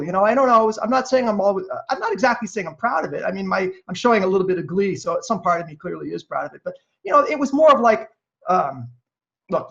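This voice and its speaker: A man guest on a podcast, telling animated stories in a chatty way, full of fillers and restarts. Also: high voice, gravelly. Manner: lively, acts out quoted voices. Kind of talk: animated storytelling. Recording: dull lo-fi audio.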